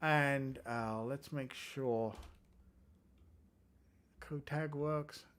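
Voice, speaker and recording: This livestream host, a developer from England, has a mid-range, steady, slightly bright voice and talks very slowly. He's chatty and self-deprecating, joking about his code while reading out the chat.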